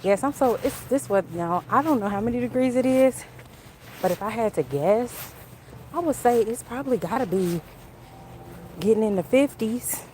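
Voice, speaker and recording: A woman chatting on a casual walk-and-talk livestream outdoors, talking in an animated way and answering viewers' comments. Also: a little high, normal speed, a little hiss or hum. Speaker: livestream vlogger.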